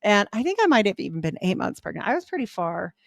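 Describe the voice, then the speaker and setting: A middle-aged woman, a podcast guest, telling her life story in a candid, animated way. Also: mid-range voice, fast talker, vocal fry, no room sound, clean studio sound. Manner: animated, quotes people in voiced asides.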